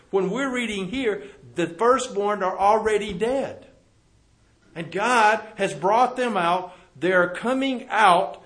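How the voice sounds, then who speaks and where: A preacher with a high-pitched male voice works through scripture in a sermon. He reads verses loudly and with emphasis, then drops to hushed, low asides and throws rhetorical questions at his congregation. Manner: swings from loud emphatic reading to low quiet asides. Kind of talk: sermon reading and explaining scripture.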